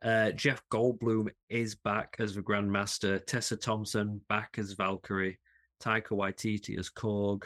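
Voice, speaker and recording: A man's voice: fairly low pitch, flat delivery, unhurried, a bit bright. A man co-hosting a casual podcast chat, talking enthusiastically with frequent restarts and laughs. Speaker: podcast co-host.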